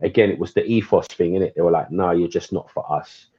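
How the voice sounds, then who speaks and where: A man's voice: low-pitched, fast, dark tone, husky, lo-fi sound. A man chatting casually as a guest about football, laid-back and slangy. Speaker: guest fan.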